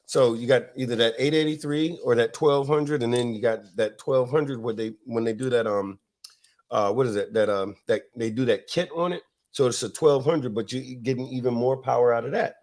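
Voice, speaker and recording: A man's voice: medium pitch, moderate pace, a little mellow. A man from Florida hosting a casual podcast, telling stories with lots of fillers, restarts and laughs. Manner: rambling, laughing, many fillers. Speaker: podcast host. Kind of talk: casual storytelling chat.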